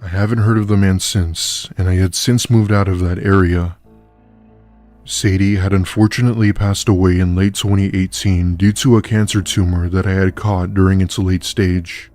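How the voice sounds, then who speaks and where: A man narrating a first-person horror story in a measured, steady storytelling style. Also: low voice, soft background music.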